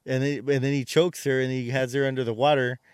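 Male podcast co-host, rambling casual recap, smooth resonant tone, dry close sound. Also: mid-range voice, flat delivery, fast, darkish tone, no room sound. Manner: rambling retelling with many fillers and restarts. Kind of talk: casual movie recap chat.

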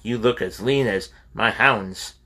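Hearty older Scottish host with a brogue, teasing and welcoming, read by a man; brightish and pitched up. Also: slow, heavily acted. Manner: hearty and teasing, calls people laddie.

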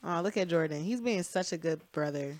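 A woman's voice: fairly low pitch, animated, fairly quick. A woman co-hosting a casual podcast, chatting playfully and teasing her co-host.

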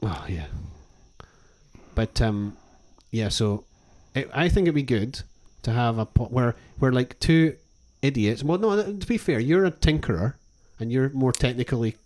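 A man's voice: medium pitch, lively intonation, a little slow, darkish tone. A man co-hosting a podcast in casual chat, rambling with restarts and laughing often. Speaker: podcast co-host.

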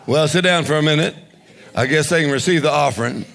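Creaky-voiced preacher, shouting praise. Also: male voice, a little high, fast talker. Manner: shouts, laughs and calls out praise, leads call-and-response. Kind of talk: charismatic church sermon. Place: church service. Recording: crowd and background noise.

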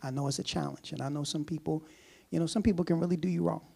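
A man preaching a sermon in a casual, conversational way, repeating phrases and chuckling softly. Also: on the high side, fairly even intonation, fast, vocal fry, husky.

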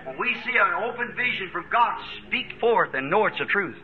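An American man preaching a fervent sermon, chuckling between lines and rising to shouts. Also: high-pitched, animated, moderate pace, muffled recording, faint music behind. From United States.

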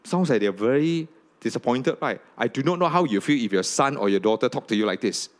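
A man preaching a sermon to a congregation, often asking "okay?" and "right?", and rising high when he reads scripture aloud. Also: expressive, a little fast. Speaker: pastor.

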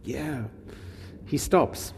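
A man with a somewhat high, creaky voice draws out his words while preaching from the Gospel in a large hall, with a little hiss or hum in the recording. He keeps it animated and informal, asking his audience questions.

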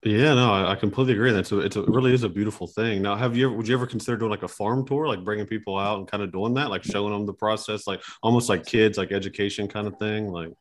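A man's voice: fairly low pitch, steady tone, very fast, few pauses. A man hosting a podcast who asks long, rambling questions full of fillers. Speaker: podcast host. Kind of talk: casual interview.

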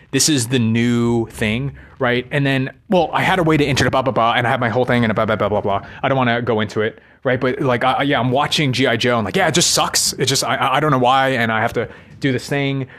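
A man's voice: mid-range voice, steady tone, fairly quick, a bit bright. Rambling, profane man riffing on films. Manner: rambling, profane, constant "right?" tags. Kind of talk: rambling casual monologue.

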